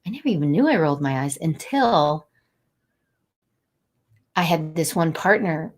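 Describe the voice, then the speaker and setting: A middle-aged woman talking warmly and a little rambling as she encourages viewers during a live motivational stream. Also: low-pitched, animated, measured pace. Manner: warm, encouraging, rambling and conversational. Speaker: angel card reader and inspirational host.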